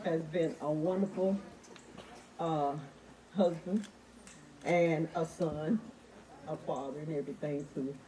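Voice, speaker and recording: A woman's voice: sits low, dark tone. A woman speaking as the groom's mother, giving a chatty toast and laughing between sentences. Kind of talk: casual toast. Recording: distant mic in a noisy crowd. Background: crowd of guests.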